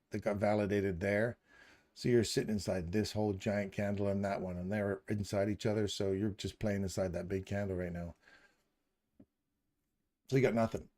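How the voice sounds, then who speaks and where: A man's voice: on the low side, warm tone. A middle-aged man hosting a live stream, chatting casually in a jokey, rambling, self-deprecating way. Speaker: livestream host.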